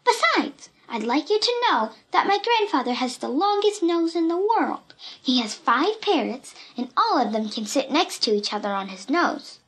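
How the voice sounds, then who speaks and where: Woman reading as a shrill little storybook girl spinning wild fibs, very high and bouncy. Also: very animated, moderate pace, a bit bright. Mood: boastful. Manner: shrill, playful, fibbing with a straight face. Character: cheeky red-haired girl, tall-tale teller.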